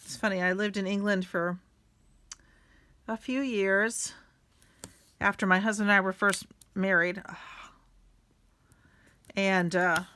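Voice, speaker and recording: A woman's voice: mid-range voice, fairly even intonation, takes it slowly, long pauses, pushed and bright, clear, resonant tone. A middle-aged woman, hosting a casual craft tutorial and chatting while she works. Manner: chatty, self-deprecating, talks while working.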